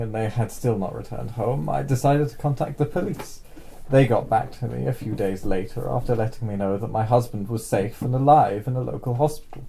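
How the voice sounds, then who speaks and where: A man's voice: medium pitch, creaky, mellow. A man co-hosting a podcast, reading a comic story aloud. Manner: breaks into laughter while reading. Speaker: podcast co-host.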